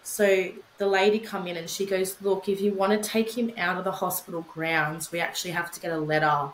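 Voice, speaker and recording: A woman's voice: on the low side, steady tone, a little fast, reverberant, slight background noise, poor audio. A young woman telling her story in casual podcast chat, candid, swearing freely, with many fillers. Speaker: podcast guest, bereaved mother.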